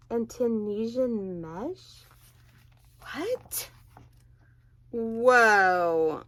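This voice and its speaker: A crochet vlogger with a slightly high voice unboxes her birthday gifts, chatting excitedly and gushing with frequent exclamations.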